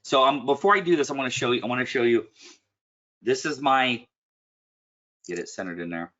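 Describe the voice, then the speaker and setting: A man coaching a client one-on-one in a casual, blunt and animated way, often clearing his throat. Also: mid-range voice, a little fast, lo-fi sound. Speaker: business coach.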